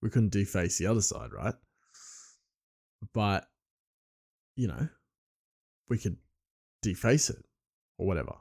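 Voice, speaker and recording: Rambling man with a low voice. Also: lively intonation, unhurried, vocal fry, long pauses, darkish tone. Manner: rambling, chuckling, loose. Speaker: podcast host. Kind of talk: casual solo podcast chat.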